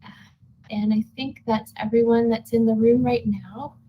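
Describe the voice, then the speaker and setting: A woman chairing an online board meeting over a video call, friendly and pausing often with fillers. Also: a little high, steady tone, breathy edge, dull audio. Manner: friendly, with frequent filler pauses.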